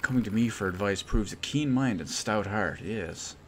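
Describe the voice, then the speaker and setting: A man's voice: lowish voice, moderate pace, slight background noise, natural voice. A man playing a pompous robot inventor. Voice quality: grandiose, theatrical old-fashioned phrasing. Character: pompous robot inventor, male, boastful and grasping.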